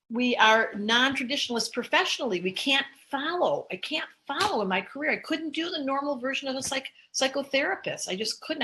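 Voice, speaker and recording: A woman's voice: mid-range voice, poor audio. Chatty older woman astrologer. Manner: chatty, animated, laughs often. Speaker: astrologer host. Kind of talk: casual live-stream talk.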